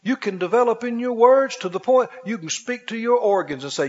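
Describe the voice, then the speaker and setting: A man's voice: very high-pitched, lively intonation, fairly quick. A man preaching a sermon as pastor, often asking the congregation questions such as whether they are with him. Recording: dull recording with long hall reverb.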